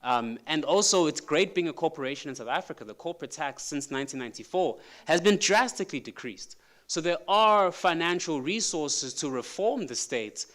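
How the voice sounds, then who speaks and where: A man speaking as a conference panelist, measured and reflective as he finishes his answer. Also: on the high side, lively intonation, a bit bright. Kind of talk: academic panel response.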